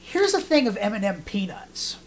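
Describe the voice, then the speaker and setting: A man's voice: sits high, moderate pace, a little hiss or hum. A man, likely in his late twenties, telling a story on a podcast in casual, profane chat, acting out voices for the people he quotes. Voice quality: storytelling, animated voices in quotes, swears freely. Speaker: podcast host.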